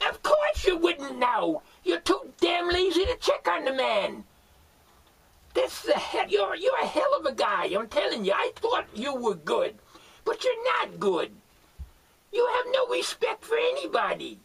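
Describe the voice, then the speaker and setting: A rude, bossy hillbilly grouch, as a man puts him on for a homemade comedy bit. The high, gravelly voice swings wildly, and he drags out his words while barking insults. It is heard from well back from the mic. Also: a bit bright, full character voice. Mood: scolding. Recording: voice far from the mic.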